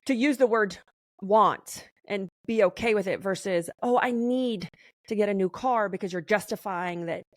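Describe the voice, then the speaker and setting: A woman hosting a conversational podcast interview, talking in an animated, emphatic way. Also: mid-range voice, moderate pace, no room sound, studio quality.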